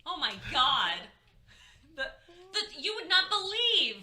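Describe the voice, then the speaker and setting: A woman's voice: very high voice, very animated, takes it slowly, pushed and bright. A woman co-hosting a podcast in casual banter, playfully indignant and swearing freely. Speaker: podcast co-host.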